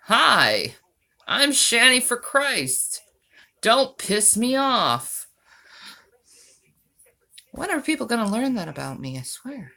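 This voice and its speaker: A woman's voice: fairly high pitch, very animated, takes it slowly, gravelly, pauses often, sharp tone. A woman hosting her own channel, answering viewer comments in a sarcastic, mocking tone. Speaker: channel host. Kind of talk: vlog reacting to viewer comments.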